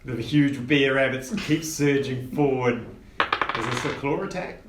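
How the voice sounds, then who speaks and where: A man narrating a tabletop game as dungeon master, unhurried and descriptive, with frequent fillers. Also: medium pitch. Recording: roomy echo with faint noise.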